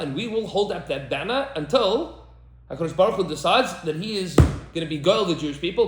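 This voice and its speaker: A man's voice: sits high, sing-song, moderate pace, echoey room, background noise. A man, a rabbi, talking emphatically in a podcast discussion, repeating lines for effect and mixing in Hebrew terms. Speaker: rabbi and teacher.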